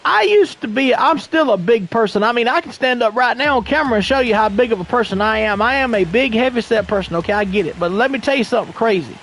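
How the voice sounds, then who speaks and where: A man with a strikingly high speaking voice tells a story from his school days while he plays. He rambles, repeats phrases and restarts sentences in a loose, casual stream. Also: expressive, quick pace, hardly any pauses, a bit bright.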